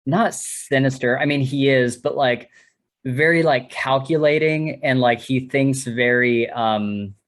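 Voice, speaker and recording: Brief: male co-host, unhurried and hesitant, mid pitch, casual chat. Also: a bit bright. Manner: slow, searching, hedging with "like" and "kind of". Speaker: podcast co-host.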